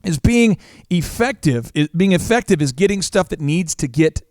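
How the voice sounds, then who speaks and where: A man hosting a business talk show as a coach, energetic and animated, telling stories. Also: a little high, normal speed, dry recording, studio quality. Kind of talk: casual chat.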